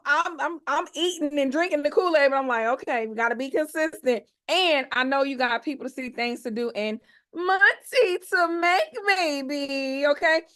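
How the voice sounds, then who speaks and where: Running an online expo on a video call, this woman in her forties gets her audience excited with playful, slangy chatter. Her voice sits high and has a fairly bright tone.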